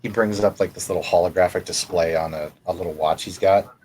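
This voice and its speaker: A man runs a tabletop game in a very low, deep voice. He narrates loosely, rambling along with fillers. Faint noise hums behind him. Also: fairly even intonation, fairly quick, a little mellow. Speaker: game master.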